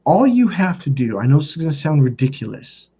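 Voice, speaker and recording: A dating coach talks in a loose, rambling way, swearing freely and leaning on filler words. His voice is husky and mellow. The recording sounds a bit dull and lo-fi. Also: on the high side, big pitch swings, brisk. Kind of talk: casual storytelling monologue.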